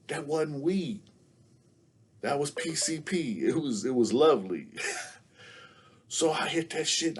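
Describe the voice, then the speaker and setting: A man telling a casual story as a show guest, packing nearly every phrase with "you know what I'm saying.". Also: on the high side.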